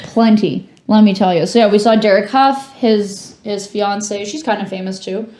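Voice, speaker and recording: A woman's voice: medium pitch, fairly even intonation, moderate pace, darkish tone, roomy sound. A young woman co-hosting a podcast, telling a long story in casual chat and filling it with "like". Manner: rambling storytelling, heavy "like" fillers. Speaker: podcast co-host.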